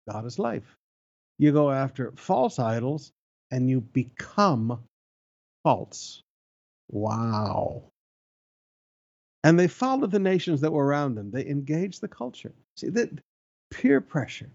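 A man's voice: fairly high pitch, vocal fry, a little mellow. A middle-aged male pastor, preaching an emphatic sermon full of rhetorical questions. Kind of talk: expository sermon. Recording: dull lo-fi sound.

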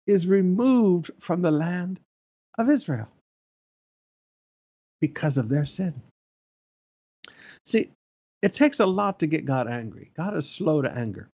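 Middle-aged male pastor, gravelly and animated, exclamatory sermon delivery, lo-fi recording. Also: high-pitched. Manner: emphatic, exclamatory preaching with rhetorical questions. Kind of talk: expository sermon. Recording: dull lo-fi sound.

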